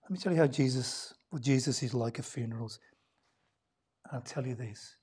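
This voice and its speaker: Husky-voiced woman preaching a sermon. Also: a bass voice, normal speed. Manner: dynamic, swings from loud emphasis to hushed near-whispers; conversational, with rhetorical questions and laughs. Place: church.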